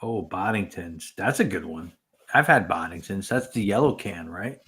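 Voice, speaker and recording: A man's voice: deep voice, animated, moderate pace, bright, forceful tone, slightly rough. A man co-hosting a casual livestream, chatting easily and reading out viewer comments in a rambling way. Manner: easygoing, rambling. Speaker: livestream co-host.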